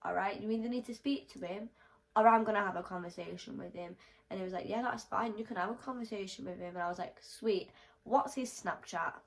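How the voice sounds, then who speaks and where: Young woman ranting thru a storytime, acts out everyone's lines, middle pitch. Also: a little fast, vocal fry, low-quality recording. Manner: animated, swears freely, acts out quotes. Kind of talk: casual storytime vlog.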